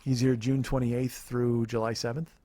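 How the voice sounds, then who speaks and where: A man's voice: medium pitch, little pitch movement, moderate pace, mellow. A man hosting a podcast, telling a rambling comedic story in a loose, profane way. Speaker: podcast host.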